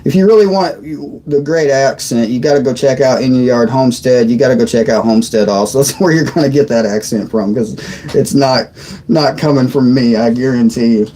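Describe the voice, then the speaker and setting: A man's voice: mid-range voice, mellow, a little hiss or hum, rough recording. A man in his thirties hosting a casual livestream chat from his desk, rambling and trailing off mid-sentence. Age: 30s. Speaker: livestream host. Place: at a desk on a squeaky old chair.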